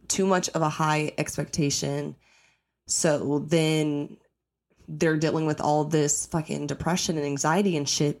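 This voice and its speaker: A young woman hosting her own podcast, ranting casually and bluntly with lots of swearing, jumping into high mock-outraged bursts. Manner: blunt, profane, animated, breaks into high-pitched mock outrage. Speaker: podcast host. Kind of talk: casual solo rant.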